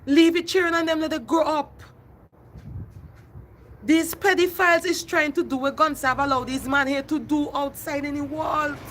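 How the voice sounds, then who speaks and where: A middle-aged woman hosts a phone livestream, ranting with passion and repeating herself while calling out viewers by name. Her high voice holds a steady tone at normal speed, slightly bright, with slight background noise.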